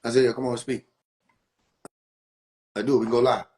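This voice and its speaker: A man's voice: medium pitch, flat delivery, normal speed, a little mellow. Preachy man lecturing his live audience. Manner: preachy, repeats points, asks the audience questions. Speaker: livestream host. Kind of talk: casual spiritual teaching on a live stream.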